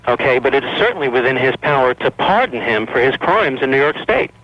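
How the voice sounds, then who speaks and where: Man, radio call-in, earnest and steady, muffled broadcast audio. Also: mid-range voice, brisk, dry recording. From Manhattan. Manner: earnest, steady, makes suggestions. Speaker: caller.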